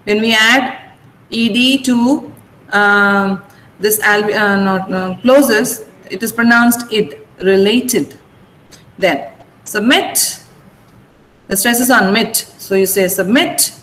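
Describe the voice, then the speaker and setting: A woman with an Indian English accent who teaches pronunciation in an online class, slowly repeating words and stressing syllables. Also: medium pitch, fairly bright tone. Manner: slow, deliberate, repeats words for pronunciation drills. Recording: echoey room with faint noise.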